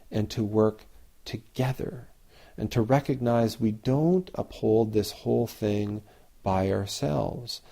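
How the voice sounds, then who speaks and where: A man's voice: lowish voice, warm tone. A man giving a reflective dharma talk as a Zen teacher, repeating phrases and sometimes chanting lines aloud. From Canada.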